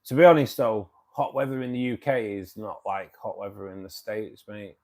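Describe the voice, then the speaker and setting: Chatty Manchester man, lowish voice. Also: steady tone, normal speed, darkish tone. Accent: Manchester English. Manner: chatty, reads and answers viewer comments. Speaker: livestream host. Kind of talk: casual livestream chat.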